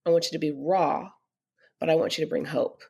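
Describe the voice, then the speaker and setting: A middle-aged woman, a podcast guest, telling a personal story earnestly and growing animated when she quotes others. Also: sits low, fairly quick, vocal fry, slight background noise.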